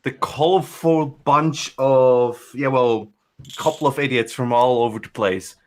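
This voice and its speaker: A man talking in a relaxed podcast chat at a middling pitch. He rambles, restarting his sentences and filling gaps with ums and uhs. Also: a little slow. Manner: rambling with many restarts and fillers. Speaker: podcast co-host. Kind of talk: casual chat.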